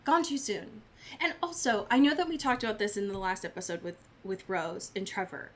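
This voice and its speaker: Animated woman podcast co-host. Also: medium pitch. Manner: animated, swearing, laughing, quick asides. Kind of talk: casual chat.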